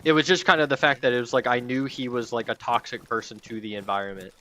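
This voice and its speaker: A young man chats loosely while gaming, leaning on fillers and dropping swear words as he goes. His voice has a bright, forward edge. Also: medium pitch, fairly even intonation, quick pace. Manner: rambling, filler-heavy, swears freely. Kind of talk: casual chat while gaming.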